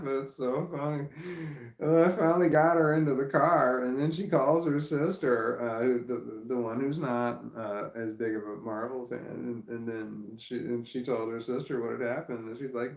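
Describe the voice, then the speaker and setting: A man's voice: medium pitch, steady tone, normal speed, creaky. Laughing, rambling man in an echoey room. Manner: rambling, laughs often mid-sentence. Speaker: vlogger. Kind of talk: casual storytelling.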